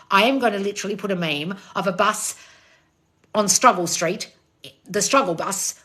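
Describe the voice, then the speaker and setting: A woman in her thirties hosting a livestream, reading out viewer comments and answering them bluntly, swearing freely and calling people darling. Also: pushed and bright. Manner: high squeals when greeting viewers. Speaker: manifestation coach hosting a livestream.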